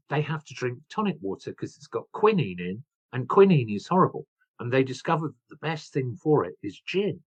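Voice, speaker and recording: Here the guest author's voice is fairly high and husky, captured in a dry recording with poor audio. He relates history as enthusiastic storytelling, frequently starting over and drifting into digressions.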